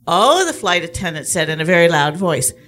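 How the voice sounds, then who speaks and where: A woman's voice: on the low side, sing-song, brisk, a bit bright. A woman telling a personal travel story to an audience, acting out the dialogue.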